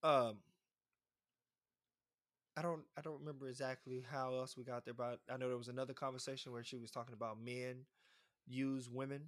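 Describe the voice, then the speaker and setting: Speaking briskly but with long pauses, a podcast co-host tells stories in casual conversation, animated and putting on high voices for the quotes he acts out.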